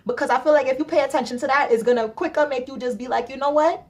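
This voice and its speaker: High-voiced animated Trinidadian woman vlogger. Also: quick pace. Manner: animated, acts out quoted exchanges with big pitch jumps. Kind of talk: casual storytelling chat.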